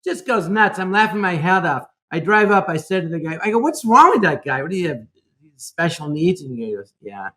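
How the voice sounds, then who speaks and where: A man on a video call as a guest in a casual comedy chat, telling a story loudly and shouting out his punchlines. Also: fairly high pitch, expressive, brisk. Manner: loud, brash, shouts out punchlines.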